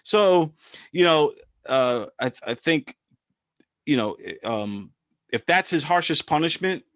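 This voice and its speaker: A man's voice: fairly high pitch, animated, unhurried, fairly bright tone, dry recording. Dry-sounding chatty male podcast host. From part Filipino descent. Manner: rambling with restarts and stammers. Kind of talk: casual commentary chat.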